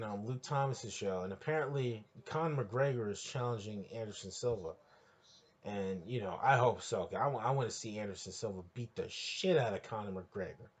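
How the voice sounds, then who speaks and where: A man with a husky, slightly rough voice hosts a podcast alone. He rants in a crude, heated way, rambling and restarting, and his voice keeps rising toward shouting. His pitch sits mid-range for a man. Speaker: podcast host. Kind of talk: profane solo rant.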